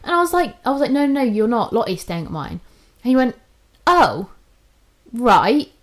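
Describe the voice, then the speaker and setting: On a podcast, a young woman recounts a story in a relaxed way, speaking fast with a slightly high voice. Her delivery is lively, full of profanity, and she performs other people's lines as she quotes them.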